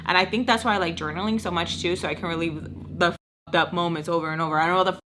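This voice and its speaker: A young woman telling a story to her vlog audience in an animated, chatty way, swearing freely and saying "like" constantly. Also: lowish voice, rapid-fire, background noise. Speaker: vlogger.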